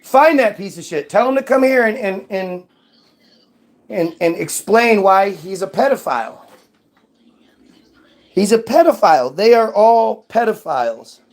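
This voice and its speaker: A man's voice: high-pitched, lively intonation, a little slow, long pauses. A man in a casual ranting monologue, mocking and profane, answering chat.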